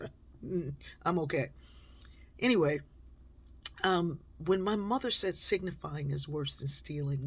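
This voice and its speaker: An older woman telling a personal story in a conversational way, slowing down and sinking to a near whisper on key points. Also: deep voice, slightly rough. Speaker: speaker and author.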